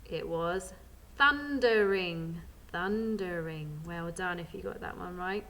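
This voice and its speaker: A young woman teaching a phonics lesson to small children, sounding out each letter slowly and encouraging them with praise. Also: on the low side, steady tone, a little hiss or hum. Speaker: primary school teacher.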